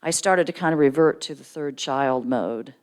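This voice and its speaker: A middle-aged woman giving a storytelling sermon in church, jumping into lively character voices for quoted people. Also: normal speed, clean tone. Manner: animated storyteller, acts out quoted voices with big pitch jumps. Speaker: guest speaker at church. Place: church sanctuary.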